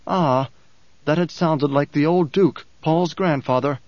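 A man narrating an audiobook in a measured, deliberate way. His voice sits a little high for a man. The sound is dry and close, with a slightly dull, muffled tone. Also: a little mellow, no room sound.

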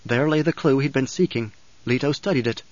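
A man narrating a novel in a measured, even storytelling manner. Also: mid-range voice, no room sound, highs cut off. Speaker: audiobook narrator. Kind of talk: scripted narration.

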